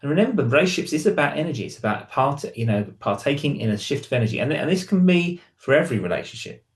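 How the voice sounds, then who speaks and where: A man's voice: medium pitch, sing-song, fast talker, echoey room. A man, a hypnotherapist, explaining to camera and reading example lines in different tones. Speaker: hypnotherapist and relationship counsellor.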